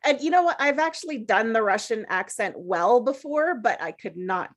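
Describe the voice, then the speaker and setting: Chatty woman, a bit high. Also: normal speed, lo-fi sound. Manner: chatty, lively, laughs easily. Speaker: table-read cast member. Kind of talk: casual post-reading chat.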